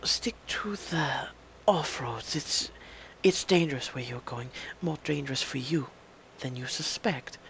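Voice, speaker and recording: A man's voice: mid-range voice, vocal fry, fairly bright tone, a little hiss or hum. A man voicing a cryptic veiled foreign woman. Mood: hushed warning. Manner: halting, broken phrasing with pauses.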